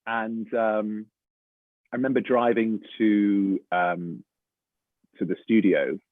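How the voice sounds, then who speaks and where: A middle-aged Englishman with an English accent, an actor telling a story in a lively casual chat. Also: fairly low pitch, slow pace, no room sound, phone-quality sound. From England. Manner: animated storyteller, chatty, says mate and man a lot. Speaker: voice actor guest.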